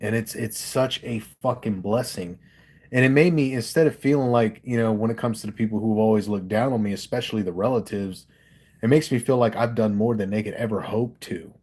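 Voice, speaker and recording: A man's voice: fairly low pitch, fairly quick, a little mellow, slightly rough. A man from Delaware hosting a casual livestream, talking candidly and with lots of swearing about his music into a studio microphone. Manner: candid, profane, emphatic. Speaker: livestream host and rapper.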